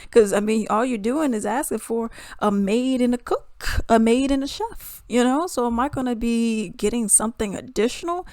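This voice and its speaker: A woman giving a casual commentary rant to her viewers. She sounds animated and exasperated and laughs between points. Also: a little high, normal speed, no room sound. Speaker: commentary vlogger.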